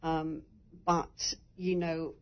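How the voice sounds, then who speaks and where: A woman's voice: deep voice, level tone, drawn-out words, dull audio. A woman who survived breast cancer, sharing her story in a candid, rambling way and laughing through tears. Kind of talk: emotional personal story in a conversation.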